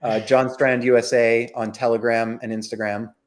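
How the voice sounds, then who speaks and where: A man's voice: medium pitch, level tone, normal speed. A man as an interview guest, speaking plainly and from the heart. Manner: heartfelt, plain-spoken, with fillers. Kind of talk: candid conversation.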